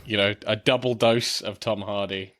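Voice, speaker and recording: A man from England with a low voice co-hosts a film podcast. He is relaxed and sweary, and often stops and restarts mid-thought. The recording is dry and close-miked. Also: no echo. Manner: laid-back and sweary, halting restarts. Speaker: podcast co-host. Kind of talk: casual film podcast chat.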